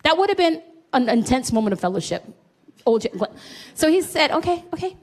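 A woman's voice: sits high, a little fast. A middle-aged woman preaching a sermon, telling a personal story and acting out the dialogue in it. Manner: animated, acts out quoted dialogue.

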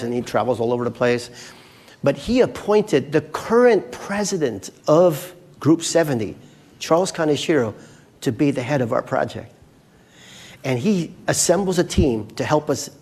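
A man's voice: a little high, darkish tone. A male pastor preaching a casual, storytelling sermon, talking to his congregation in a chatty way with many asides.

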